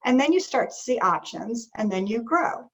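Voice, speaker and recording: A woman's voice: fairly high pitch, animated, normal speed, lo-fi sound. A woman business coach giving a conversational talk on a video call, often checking in with "right?". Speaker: business strategist and leadership coach.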